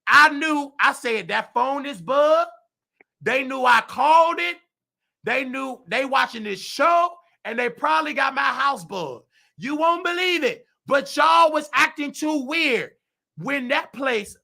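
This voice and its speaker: A male show host, telling a story in an excitable, preachy rant that breaks into shouts. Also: very high voice, creaky. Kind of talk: animated personal storytelling.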